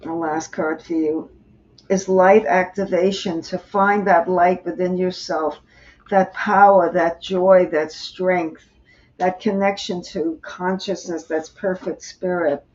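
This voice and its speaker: A woman reads tarot cards aloud, taking her time to explain each one gently. Her voice is fairly low for a woman. The sound is muffled, as if streamed on modest equipment. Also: fairly even intonation, takes it slowly, slight background noise. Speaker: tarot reader, host. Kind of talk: live-stream tarot reading.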